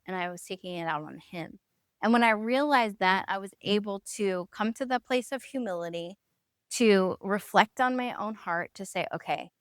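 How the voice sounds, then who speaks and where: A woman's voice: mid-range voice, a bit bright, dry recording, studio quality. A woman in her thirties hosting a faith podcast, telling a personal story candidly and acting out the voices she quotes. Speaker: podcast host.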